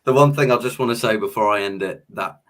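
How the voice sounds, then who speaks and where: A man with a lowish voice speaks as a guest on a fan panel. He talks in a relaxed, earnest way. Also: fast talker. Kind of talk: casual fan chat.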